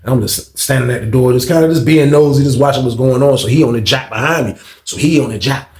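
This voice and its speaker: A man telling a story in a casual, animated way, full of slang, talking straight to his listeners. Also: mid-range voice, quick pace. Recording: roomy echo.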